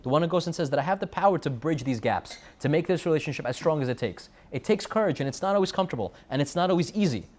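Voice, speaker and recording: A man's voice: a little high, lively intonation, racing, hardly any pauses, darkish tone. Man preaching a storytelling sermon. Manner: storytelling with repeated phrases and Hebrew terms. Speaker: rabbi giving a Torah talk. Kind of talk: sermon to students.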